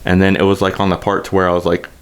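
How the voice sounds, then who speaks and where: A man co-hosting a casual podcast, telling an animated, profanity-heavy story in a rambling way. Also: low voice, racing, smooth. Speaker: podcast co-host.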